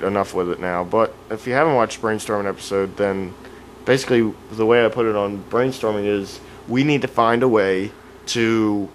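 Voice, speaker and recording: A man's voice: fairly low pitch, a little hiss or hum, rough recording. Rambling, earnest male podcast co-host. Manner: rambling, earnest, restarts sentences. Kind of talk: casual podcast chat.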